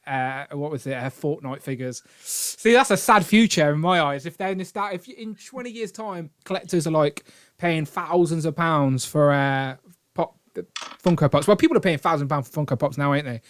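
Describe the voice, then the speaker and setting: A man's voice: a little high, normal speed. A British man hosting a toy collecting live stream, rambling and joking as he thanks donors. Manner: rambling and jokey, reads out donations. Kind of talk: casual live-stream chat.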